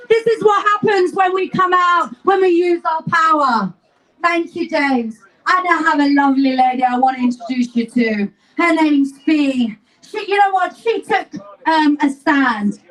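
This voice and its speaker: A woman's voice: sits high, lively intonation, a little slow, fairly bright tone. A woman emceeing an outdoor rally, introducing speakers with enthusiastic, encouraging calls to the crowd. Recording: voice picked up from a distance.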